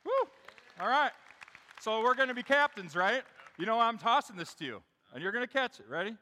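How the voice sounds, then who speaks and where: A man's voice: extremely high pitch, expressive, brisk, pushed and bright, big-room sound, slight background noise. A middle-aged man preaching a sermon in a church, telling a story in a conversational way and speaking straight to the congregation. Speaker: pastor. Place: church sanctuary.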